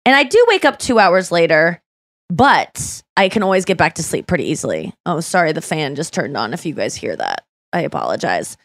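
A woman's voice: low voice, big pitch swings, brisk, dry recording. Woman podcast host, smoky morning voice, chatty, dry close studio mic. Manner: chatty, self-deprecating, trails off and restarts. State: morning voice, a little smoky and worn out. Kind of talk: casual studio chat.

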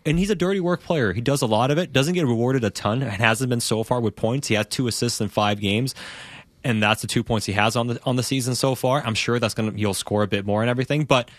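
A man's voice: mid-range voice, fast, no echo. A man hosting a sports talk podcast, laying out his analysis with rhetorical questions. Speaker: podcast host.

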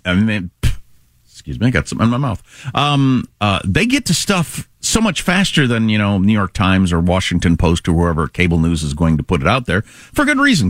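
A middle-aged man co-hosting talk radio, rambling casually through opinions and stories. His pitch swoops up and down as he talks. The sound is close and dry. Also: a bit bright, no room sound. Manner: rambling, conversational storytelling.

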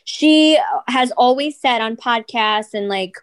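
A woman's voice: fairly high pitch, slow pace, smooth. Chatty woman gossiping on a podcast. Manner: chatty, filler-heavy, swears casually. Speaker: podcast co-host. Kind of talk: casual celebrity gossip chat.

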